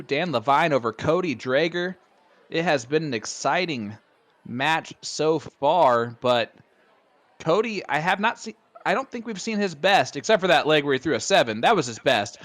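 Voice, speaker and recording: A man with a Hoosier accent calls a darts match live, chatty and quick to laugh. His commentary is loose and excitable, with a playful edge. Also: mid-range voice. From Indiana.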